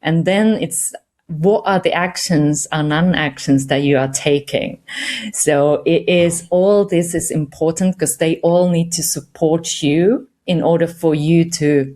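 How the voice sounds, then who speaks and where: A woman's voice: deep voice, unhurried, mellow. A woman with a non-native English accent, speaking as a guest in an encouraging, reflective interview chat.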